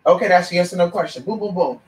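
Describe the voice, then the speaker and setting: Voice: medium pitch, fast. A psychic reader hosting a livestream, talking bluntly and swearing freely. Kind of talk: livestream chat. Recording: roomy sound from far off.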